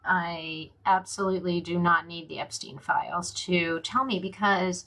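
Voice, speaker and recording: Slow, low-voiced Louisiana woman vlogger. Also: fairly even intonation, a bit bright, poor audio. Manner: blunt, outspoken, with frequent fillers. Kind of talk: casual political vlog.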